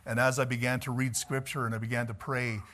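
Chuckling as he goes, a male preacher delivers a sermon full of animated storytelling. He speaks fast in a mid-range voice.

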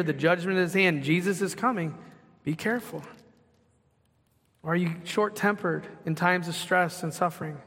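Middle-aged guy pastor, a bit high voice, chatty sermon, lots of questions, long church echo. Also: a bit bright. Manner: conversational, asks the congregation questions. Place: church sanctuary. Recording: long hall reverb.

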